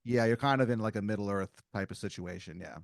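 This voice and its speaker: A man's voice: on the low side, quick pace, vocal fry, no room sound, clean studio sound. A man hosting a comedy podcast, narrating an improvised story with lots of filler words. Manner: rambling, heavy on filler words. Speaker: improv game master.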